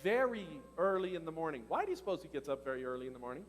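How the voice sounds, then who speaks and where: Male pastor, high voice, animated conversational sermon, long church-hall reverb. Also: racing, soft background music. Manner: animated, conversational preaching with laughs and questions to the congregation.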